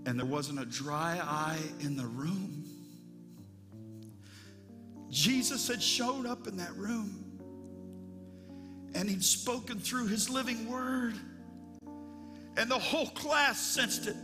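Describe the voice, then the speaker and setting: A man's voice: high-pitched, slow pace, long pauses. A male pastor preaching a sermon in an earnest, storytelling manner that turns heartfelt. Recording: long reverb, instrumental music behind.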